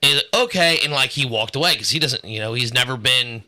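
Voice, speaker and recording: A man's voice: mid-range voice, fast, bright, forceful tone. A man co-hosting a casual podcast, telling stories in a rambling way with lots of fillers and swearing. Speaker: podcast co-host.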